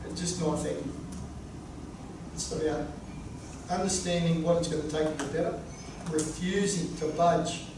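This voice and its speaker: A man's voice: fairly high pitch, fairly even intonation, normal speed, pauses often. A man presenting a sports coaching workshop to a live group, joking and punchy. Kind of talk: workshop talk. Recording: echoey room, far from mic, noisy.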